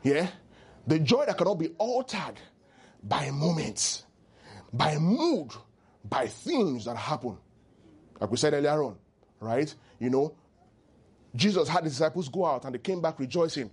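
A man preaching a sermon as pastor, animated and teasing, leading the congregation in call-and-response. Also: on the high side, normal speed, long pauses, slightly rough.

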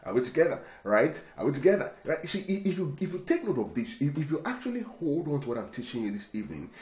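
This preacher's voice sits a little high and has a darkish tone, and he speaks very animatedly at a quick pace. Recorded in an echoey room, he repeats words for emphasis and constantly checks in with rhetorical questions.

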